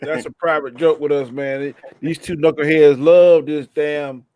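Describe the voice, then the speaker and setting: A man's voice: a little high, fairly even intonation, a little slow, a little mellow, no echo. A man joking on a live stream, speaking in a loose, colloquial way and teasing the others. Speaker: guest co-host. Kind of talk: casual live-stream chat.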